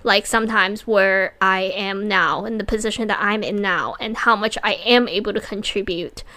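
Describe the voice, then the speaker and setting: A woman's voice: medium pitch, steady tone, normal speed, sharp tone. A woman hosting a motivational talk, earnest and encouraging, often restarting her sentences. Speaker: podcast host.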